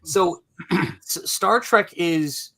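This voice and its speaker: Bright, animated man telling stories. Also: high-pitched, very slow. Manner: enthusiastic, animated storyteller who laughs easily. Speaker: co-host of a crowdfunding livestream. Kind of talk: casual chat. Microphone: video call.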